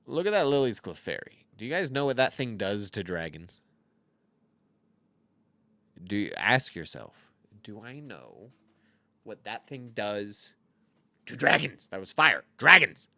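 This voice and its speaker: A man in his thirties talks over his own card game in a casual, rambling way, tossing out jokes and mocking himself. His pitch swings widely and his tone is bright and forceful. The sound is dry and close. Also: sing-song, unhurried, vocal fry, long pauses, dry recording. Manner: rambling, jokey, self-mocking asides. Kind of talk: casual gameplay commentary.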